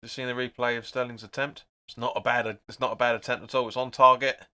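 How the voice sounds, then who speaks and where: A man's voice: mid-range voice, quick pace. A young man hosting a live football watch-along, chatting casually, calling the play and reading out viewer comments. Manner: chatty, reads out viewer comments, excitable at chances.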